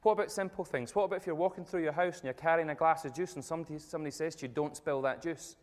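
A man giving a jokey, energetic talk to a live audience, telling stories and speaking directly to the crowd. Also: on the high side, very fast. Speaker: motivational speaker. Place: event room with tables and audience. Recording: long reverb of a large hall.

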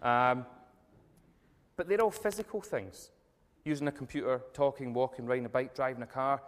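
A man giving a jokey, energetic talk to a live audience, telling stories and speaking directly to the crowd. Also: medium pitch, moderate pace. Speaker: motivational speaker. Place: event room with tables and audience. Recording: long reverb of a large hall.

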